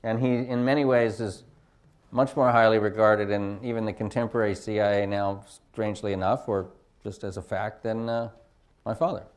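A man's voice: lowish voice, fairly even intonation, moderate pace, smooth. A film director on a panel, answering reflectively and searching for his words with many fillers. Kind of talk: panel discussion.

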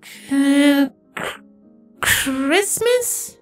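A man voicing a sleepy, whiny young male changeling nymph in a storybook reading, halting and stumbling over words. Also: very high-pitched, animated, a bit bright, soft background music, pitched above the performer's own voice, exaggerated voice. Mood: awed curious. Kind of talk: fanfiction reading.

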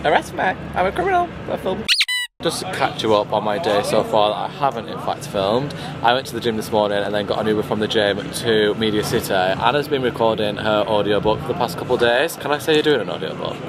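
A man's voice: lowish voice, fast talker, hardly any pauses, a crowd in the background. A man chatting casually to camera. He swears freely and laughs at himself. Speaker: vlogger. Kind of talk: casual vlog chat.

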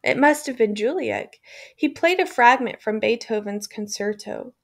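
A woman reading a memoir aloud in a measured, somber way. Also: fairly high pitch, expressive, vocal fry. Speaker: audiobook reader.

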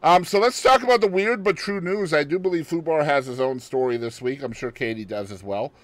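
A man's voice: fairly high pitch, fairly quick, no echo. A man co-hosting a podcast, reading out a news story in casual chat and adding joking asides with frequent laughter. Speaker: podcast co-host.

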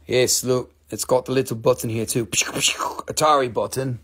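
A man's voice: medium pitch, steady tone, moderate pace, fairly bright tone, breathy edge. A man with a mid-Atlantic American accent running a live sales stream of rocks and minerals, with chatty, upbeat salesman patter, talking into a phone held in his hand.

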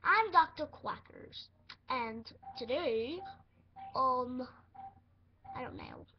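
A woman voicing a goofy male duck doctor in a toy role-play, speaking loudly and slowly in a showy way. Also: high voice, lively intonation, highs cut off, a little hiss or hum, full character voice. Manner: loud, slow, showy bedside talk.

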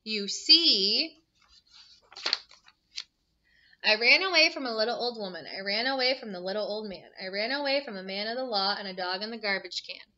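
A woman's voice: medium pitch, brisk, sharp tone, muffled recording. A woman voicing a cheeky, boastful gingerbread cookie boy who chants taunting rhymes. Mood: worried. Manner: taunting sing-song chant.

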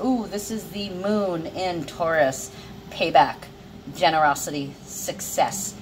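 A woman giving a casual, emotional tarot card reading, chatty and quick to swear. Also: on the low side, noisy background.

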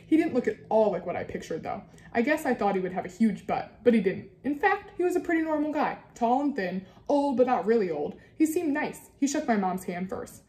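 A woman's voice: mid-range voice, a little fast, hardly any pauses, darkish tone, echoey room. A woman teacher reading a children's novel aloud, giving the characters livelier voices.

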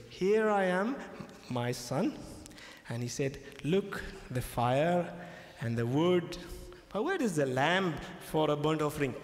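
A man speaking as a pastor in a religious debate, stressing his points and repeating key phrases. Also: on the high side. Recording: echoey hall with long reverb.

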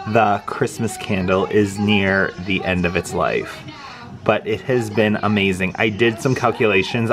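A young man chatting casually in a home vlog, relaxed and quietly upbeat. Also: lowish voice. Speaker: vlogger.

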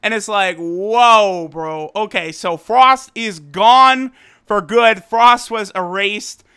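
A man casually reviewing an anime episode, recapping it in an excitable, profane way and often laughing. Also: sits high, slow pace, gravelly, smooth.

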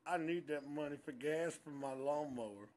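A man playing a loud, excitable country bass fisherman, filming himself outdoors by the water with a handheld camera, drawling and boasting about his catches in a comic fishing vlog. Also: normal speed, faint music behind, close to an everyday voice. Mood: rueful. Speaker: angler showing his catches.

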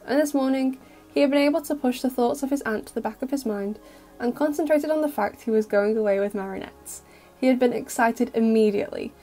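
A woman reads a fan audio story in a gentle, even narration. Her voice sits fairly high with a mellow, soft tone. Faint music plays underneath. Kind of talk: scripted narration.

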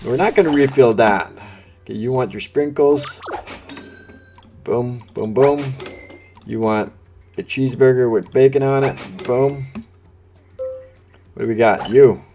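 A man's voice: mid-range voice, a little slow, pauses often, warm tone, slight background noise. Frantic, cursing gamer man. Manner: frantic, swearing under pressure, talks to customers. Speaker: gameplay streamer. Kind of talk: live gameplay commentary. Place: home gaming setup. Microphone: desk microphone.

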